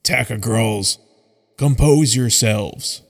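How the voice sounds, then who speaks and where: Man playing a stern furry tribe leader, slow and gravelly, commanding, lots of hall echo. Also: on the low side. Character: stern, compassionate furred male tribal chief.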